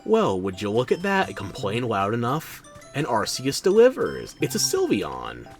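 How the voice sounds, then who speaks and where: A man's voice: medium pitch, huge pitch swings, a little slow, soft background music. A tired man streaming a video game, talking in a sardonic, theatrical way. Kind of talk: game commentary.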